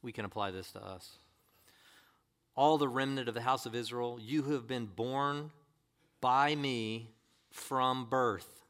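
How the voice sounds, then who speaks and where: A man's voice: medium pitch, unhurried, long pauses, a bit bright. A man preaching a sermon as pastor, reading scripture and pressing the congregation with emphatic rhetorical questions.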